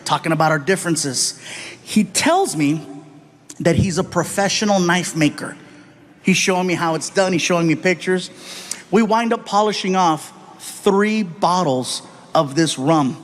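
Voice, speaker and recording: A high-voiced comedian delivers stand-up stories at normal speed on a big theater stage, his audience laughing along. He's animated and jumps into character voices for the people he describes, and the live recording carries a faint hum.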